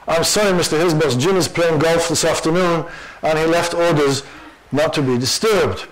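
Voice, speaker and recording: A man's voice: a little high, normal speed, lightly acted, rough recording. A man voicing a polite, evasive talking answering machine, read aloud with sly politeness.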